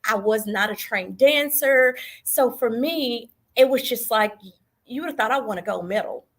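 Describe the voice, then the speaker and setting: A woman's voice: fairly high pitch, moderate pace. Polite Texas woman telling her pageant story. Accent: Texas Southern. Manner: earnest, polite, says yes ma'am. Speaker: pageant contestant guest. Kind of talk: storytelling interview answers. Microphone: video call.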